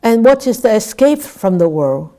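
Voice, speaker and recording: A Buddhist nun giving a dharma talk. She speaks haltingly, repeats words and keeps asking "right?". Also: on the high side, big pitch swings, dark tone. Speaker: Buddhist nun teaching scripture.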